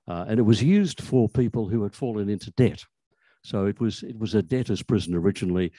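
Deep-voiced man reading and explaining. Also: dark tone, no room sound, poor audio. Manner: explanatory, with frequent fillers. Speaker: author.

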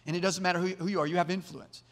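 A man's voice: high voice, steady tone, very fast, fairly bright tone, in a large hall. A man preaching a sermon as pastor, earnest, often repeating words as he builds to emphatic points. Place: church sanctuary.

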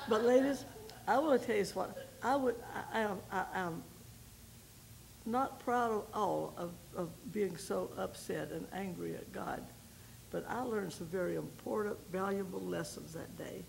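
Gravelly older woman telling a testimony. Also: medium pitch, darkish tone, a little hiss or hum, poor audio. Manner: folksy storytelling with pauses and repeated starts. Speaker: missionary speaker. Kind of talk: personal testimony talk to a women's group.

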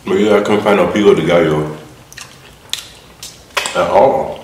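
A man chatting casually while he eats on camera, relaxed and mumbling between bites. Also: sits low, a little slow. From Atlanta, US. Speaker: mukbang host. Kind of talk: casual eating vlog chat. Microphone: close mic for eating sounds. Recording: echoey room with faint noise. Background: eating and crunching sounds.

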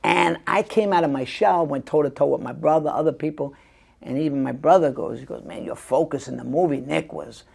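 A middle-aged man with a gravelly, husky voice, chatting as a guest actor. He tells his stories with energy and slips into the voices of the people he quotes. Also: a little high, brisk. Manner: animated storyteller acting out quoted voices. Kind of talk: casual storytelling interview.

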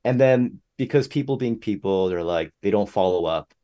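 A young man talking as a podcast guest in a casual, animated way. He jumps up in pitch whenever he quotes other people. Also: normal speed. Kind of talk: casual interview chat.

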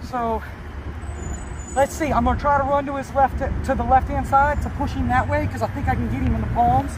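A man's voice: extremely high pitch, steady tone, brisk. Man narrating outdoors over traffic noise. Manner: explains his plan step by step. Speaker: reptile catcher. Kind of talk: casual running commentary. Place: outdoors by a road.

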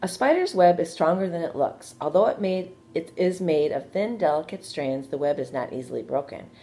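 Low-voiced woman reading to children. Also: expressive, moderate pace. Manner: gentle, questioning the young listeners. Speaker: elementary school teacher. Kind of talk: reading a storybook aloud to children.

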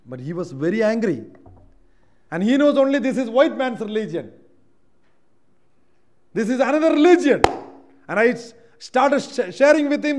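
A man from Kerala with an Indian English accent, preaching a sermon in a church, moving between quiet reflective lines and loud emphatic ones. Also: extremely high pitch, sing-song, normal speed, long pauses. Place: church hall.

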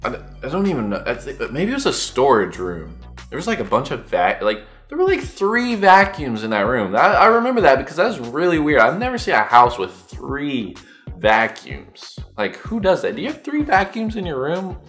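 A man's voice: fairly high pitch, huge pitch swings, normal speed, fairly bright tone, faint music behind. A young man telling a story on his vlog, slangy and profane, acting out his own past lines. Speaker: vlogger.

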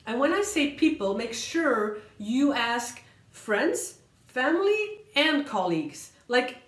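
Energetic woman coaching, high voice, echoey room. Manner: energetic, emphatic, repeats words for emphasis; usually talks fast, slows down to stress key points. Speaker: career coach and vlogger. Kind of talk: motivational vlog talk to camera.

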